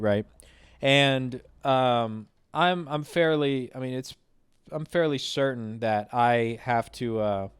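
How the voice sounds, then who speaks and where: A young man tells a rambling story while he plays a driving game. He talks in an animated way, with fillers and swearing. His voice is smooth and crisp, and the recording is dry and close. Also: mid-range voice, dry recording. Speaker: gaming streamer. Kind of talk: casual storytelling over gameplay.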